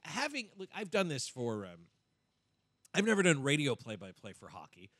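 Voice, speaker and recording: Animated, bright-voiced male podcast host. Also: a little high, normal speed, no room sound, clean studio sound. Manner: storytelling, animated. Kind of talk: casual chat.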